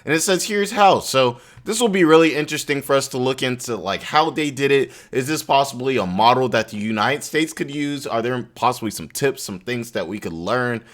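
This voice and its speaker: A man's voice: medium pitch, lively intonation, fairly quick, hardly any pauses, fairly bright tone. Chatty man giving casual commentary. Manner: chatty, loose, repeats "you know what I'm saying". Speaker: business news commentator. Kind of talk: casual commentary reacting to a video.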